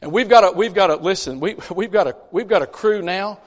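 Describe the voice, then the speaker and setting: A man preaching a conversational sermon in a church, folksy and animated, with chatty asides between scripture readings. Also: high-pitched, fairly quick. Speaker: pastor. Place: church sanctuary. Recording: long church reverb.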